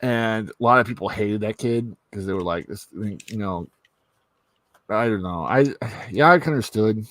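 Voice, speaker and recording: A man hosting a casual live stream, talking in a rambling, animated way and swearing freely. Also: lowish voice, moderate pace, hardly any pauses. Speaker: stream host. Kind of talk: casual chat.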